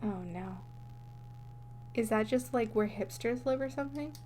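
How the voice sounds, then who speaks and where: A woman's voice: on the high side, measured pace, warm tone, a little hiss or hum. A young woman co-hosting a podcast in casual chat, giggly and easily amused, telling meandering stories. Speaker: podcast co-host.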